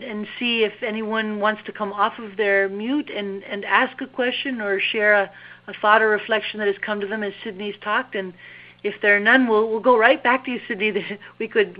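Brisk woman moderating a call. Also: medium pitch, steady tone. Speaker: event moderator. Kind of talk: hosting a video call. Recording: dull call audio.

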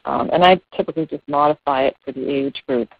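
A children's yoga and meditation teacher speaking calmly and unhurriedly, explaining breathing and guiding the body with fillers and repetitions. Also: mid-range voice, fast talker. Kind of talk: calm explanatory talk. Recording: dull dry lo-fi recording.

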